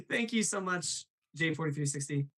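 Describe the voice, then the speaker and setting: A man's voice: sits high, lively intonation, moderate pace, fairly bright tone, poor audio. Upbeat man hosting a live stream. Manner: upbeat, laughs often, reads chat aloud. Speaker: host.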